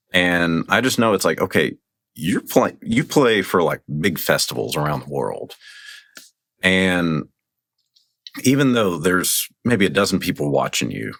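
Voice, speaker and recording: A man's voice: sits low, a bit bright, no room sound, clean studio sound. A man guest on a podcast chatting casually. He rambles with enthusiasm and says "like" a lot. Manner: rambling, enthusiastic, heavy use of "like". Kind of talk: casual conversation.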